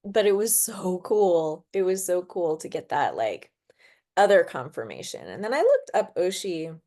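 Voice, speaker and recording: A woman hosting a spiritual podcast, telling stories in a chatty way full of fillers and quick laughs. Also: fairly low pitch, big pitch swings, mellow. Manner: chatty storyteller, filler-heavy, laughs often. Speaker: podcast host. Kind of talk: casual spiritual podcast monologue.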